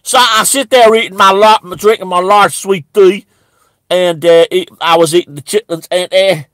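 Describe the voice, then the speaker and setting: A man's voice: high voice, fairly even intonation, moderate pace, a bit bright, no room sound. A man playing a rambling, bigoted churchgoing man in a satirical monologue, stammering and restarting almost every phrase. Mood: aggrieved. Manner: stammering, with constant restarts and repeated words.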